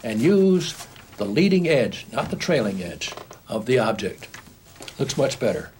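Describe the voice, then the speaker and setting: An older man gives an animation lesson on an old home-video tape, and his voice sits at an ordinary middle pitch. He explains as he goes, often restarting his sentences. A faint hiss runs under the recording. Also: very animated, measured pace, a little mellow. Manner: explains while drawing, with frequent repeats and restarts. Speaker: animation instructor.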